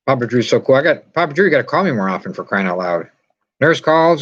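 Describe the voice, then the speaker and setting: A chatty man hosts a loose live stream, wandering from one thought to the next as he answers comments. His voice sits in a middling pitch. The stream audio is a little dull and lo-fi. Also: lively intonation, fairly quick, long pauses, a bit bright. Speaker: vlog host. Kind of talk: casual live-stream chat with viewers. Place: inside a yurt.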